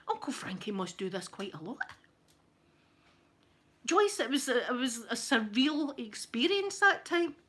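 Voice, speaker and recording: Middle-aged Glaswegian woman, ASMR storyteller; chatty and animated, pitched a little high. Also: takes it slowly, pauses often, a little hiss or hum. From Scotland. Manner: chatty, animated, laughing anecdotes. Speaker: ASMR channel host.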